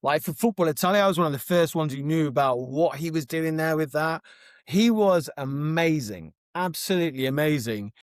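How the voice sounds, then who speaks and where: A man co-hosting a podcast, telling animated, overexcited stories in casual chat. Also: a little high, normal speed, dry recording, clean studio sound. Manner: animated storyteller, gets overexcited. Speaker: podcast co-host.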